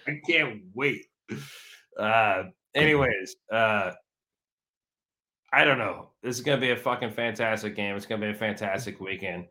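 A man's voice: lowish voice, moderate pace, pushed and bright. A man guesting on a casual fan podcast, swearing freely and teasing the hosts between thanks. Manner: profane, teasing, jokey. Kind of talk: casual banter.

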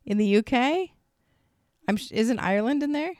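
A woman's voice: a little high, lively intonation, normal speed, darkish tone, no room sound, clean studio sound. A woman co-hosting a casual talk show, explaining things earnestly and with many restarts, and getting flustered when she is teased. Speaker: podcast co-host. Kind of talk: casual chat.

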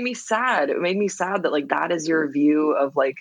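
A woman songwriter is talking candidly as an interview guest, reflective and full of "like" fillers. She has a gravelly edge of vocal fry. The recording is dry and close, with no room sound. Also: low-pitched, a little slow, dry recording, highs cut off. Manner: reflective, filler-heavy, frequent laughs.

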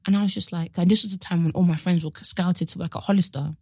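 A woman, co-hosting a casual podcast and telling stories with lively acted-out voices. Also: fast, creaky, no echo, clean studio sound. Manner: animated storytelling, acts out quoted voices with big pitch jumps. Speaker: podcast co-host. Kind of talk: casual chat.

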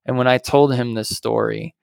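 A young man co-hosting a podcast, telling a story in a lively way, acting out other people's lines and swearing casually. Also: medium pitch, moderate pace, gravelly, clean tone, no room sound, studio quality. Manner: animated storyteller, acts out quoted voices, swears casually. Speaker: podcast co-host.

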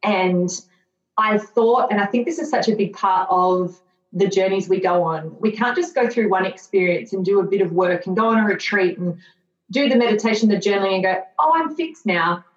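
With a mid-range voice at a slightly fast clip, a woman in her thirties shares her personal story as a podcast guest. She's candid, reflective, and earnest, occasionally turning sarcastic about herself. Lo-fi, dull, and roomy describes the recording.

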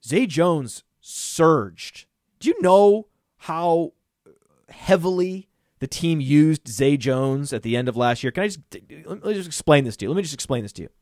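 A man co-hosting a casual podcast, talking excitedly and rattling off lists of names and numbers, often laughing at himself. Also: on the high side, moderate pace, dry recording, studio quality. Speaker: podcast co-host.

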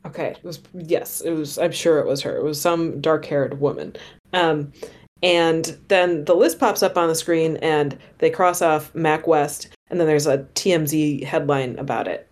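A woman with a fairly low voice chats casually on a podcast, amused and full of questions as she recaps her part of a movie. She talks in a loose, conversational way. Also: moderate pace, darkish tone. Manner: chatty, amused, asks questions. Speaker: podcast host. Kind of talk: casual chat.

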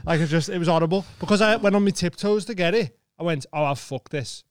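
A man's voice: high-pitched, fast, clean tone, no echo, studio quality. A man on a comedy podcast, rambling through an anecdote and acting out his own reactions. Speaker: podcast co-host. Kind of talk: casual comedy chat.

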